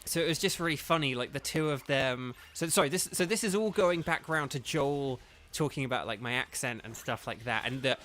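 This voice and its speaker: A man's voice: medium pitch, fairly quick, a bit bright, slight background noise. Rambling English man streaming casually. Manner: rambling, many fillers and restarts. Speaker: streamer and voice actor. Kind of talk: casual livestream chat.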